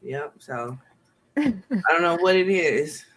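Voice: medium pitch, lively intonation, unhurried, crowd noise. A co-host in a casual movie review chat, making laid-back, slangy remarks.

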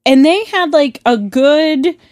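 A woman co-hosting a podcast, telling stories in a chatty, animated way and swearing freely. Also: high-pitched, takes it slowly, dry recording, studio quality. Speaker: podcast co-host. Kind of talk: casual storytelling chat.

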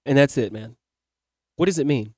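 A man hosting a podcast in casual chat, animated as he acts out his own lines and swears freely. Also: mid-range voice, normal speed, no echo, studio quality. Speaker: podcast host. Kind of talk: casual chat, telling a dream.

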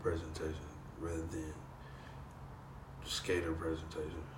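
Man, very low voice, blunt profane producer, echoey room. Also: completely flat delivery, measured pace, distant mic, background noise. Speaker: music producer. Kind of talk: coaching a rapper in a studio session.

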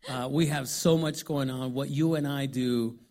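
A pastor giving lively, upbeat church announcements and hyping the congregation. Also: male voice, medium pitch, normal speed.

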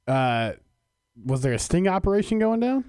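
A man's voice: sits high, big pitch swings, normal speed, a little mellow, dry recording. A man working as a radio show producer, giving brief replies to the host in the studio. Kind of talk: casual radio talk.

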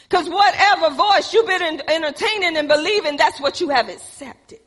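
Woman preacher, high-pitched and bright, asks her congregation questions and answers them, rises to shouts, hall reverb. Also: expressive, moderate pace, hardly any pauses. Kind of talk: sermon.

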